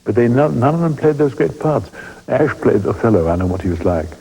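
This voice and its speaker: A man's voice: mid-range voice, lively intonation, brisk, gravelly, mellow, breathy edge, poor audio. An English man in his eighties telling wry theatre anecdotes in an interview, chuckling as he reminisces. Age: 80s. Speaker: veteran stage actor interviewed.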